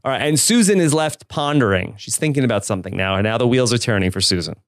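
A man co-hosts a podcast, walking through a sitcom episode scene by scene in a laid-back way. His voice is smooth and resonant. The recording is dry and close. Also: mid-range voice, lively intonation, fast talker, no echo. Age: adult. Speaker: podcast co-host. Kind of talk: casual chat recapping a sitcom episode.

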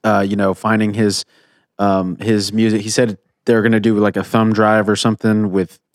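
A man hosting a podcast, chatting in a relaxed, encouraging way with his guest. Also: fairly low pitch, moderate pace, no echo, studio quality. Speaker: podcast host. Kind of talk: casual podcast chat.

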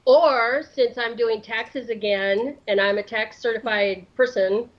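A woman's voice: on the high side, unhurried, lo-fi sound. An older woman speaking bluntly and teasingly over a call, a guest on the show. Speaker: guest on a call, host's mother.

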